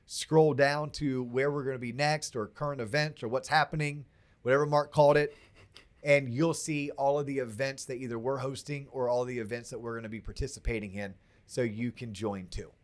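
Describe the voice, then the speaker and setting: A male podcast host talks in a loose, chatty way with an upbeat pitch for events. His pitch sits in the middle range. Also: steady tone, a little fast. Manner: chatty, upbeat promo delivery. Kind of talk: casual podcast chat.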